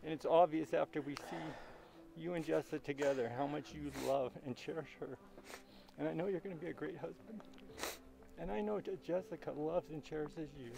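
A middle-aged man leads a wedding ceremony in a solemn, measured tone. His voice is gravelly and sits fairly high for a man. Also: rough recording. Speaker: wedding officiant and father of the bride. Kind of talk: formal wedding ceremony address.

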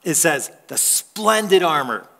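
A man's voice: a little high, sing-song, measured pace, creaky, a bit bright. A male pastor preaching a conversational sermon, telling stories and laughing with the congregation. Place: church hall. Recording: long church hall reverb.

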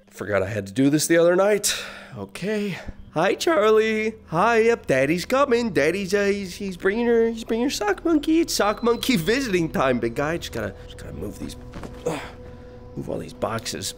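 Animated man role-playing a goofy dad. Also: a little high, brisk, music in the background. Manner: animated, jumping between coaxing and panicked outbursts. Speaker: VR game streamer. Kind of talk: improvised comedic role-play as a dad.

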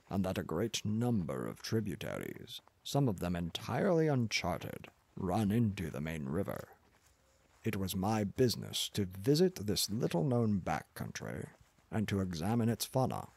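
A man's voice: low voice, gravelly, a little mellow, breathy edge, dry recording, heavily acted. A man voicing a pompous, arrogant older professor who lectures in a condescending manner.

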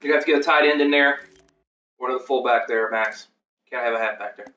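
A man hosting a casual livestream as a league host rambles through team depth charts and lineups, full of fillers and self-corrections. His medium-pitched voice is brisk, pushed and bright, sitting far from the mic in an echoey room.

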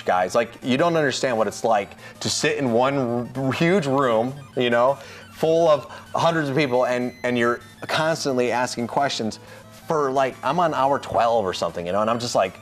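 Male host, lively chatty storyteller, acts out quotes, faint music bed. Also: mid-range voice, normal speed. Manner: excitable, acts out others' voices in his stories. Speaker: show host. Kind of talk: casual storytelling to camera.

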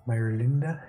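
A man's voice: mid-range voice, dark tone. A man playing a tabletop game, casual and joking. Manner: jokey, laughs often. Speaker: player.

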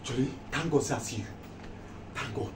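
A man's voice: medium pitch, a little fast, close to an everyday voice. A man with a Nigerian accent playing a broke man who stammers as he pleads with a friend. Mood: pleading. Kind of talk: comedy skit acting. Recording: echoey room, far-off mic, background noise.

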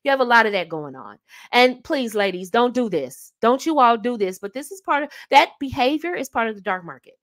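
A woman's voice: a little high, sing-song, fairly quick. A woman hosting a casual advice talk on dating, emphatic and fond of repeating her key phrases with rhetorical asides. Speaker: host giving dating advice.

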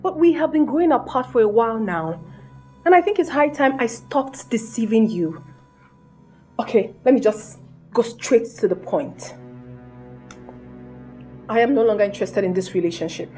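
A woman's voice: fairly high pitch, expressive, moderate pace, pauses often, mellow, faint music behind, close to an everyday voice. A Nigerian actress playing a haughty young woman who coldly lectures and dismisses her boyfriend. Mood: firm. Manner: cold, scornful, lecturing. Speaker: actor. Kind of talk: film acting.

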